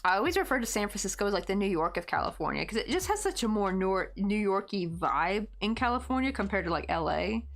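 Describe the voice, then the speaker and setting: A woman's voice: mid-range voice, big pitch swings, fast talker, gravelly, few pauses. Chatty woman with a light Southern accent. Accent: light West Tennessee Southern. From Tennessee, United States. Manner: chatty, rambling, lots of "like" fillers. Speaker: crochet livestream host. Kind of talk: casual chat while crocheting.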